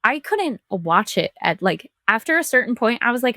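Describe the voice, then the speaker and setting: A woman's voice: fairly high pitch, very animated, unhurried, a bit bright, no echo, clean studio sound. A woman talking as a podcast guest in casual chat, candid and chatty, laughing readily and filling her speech with "like".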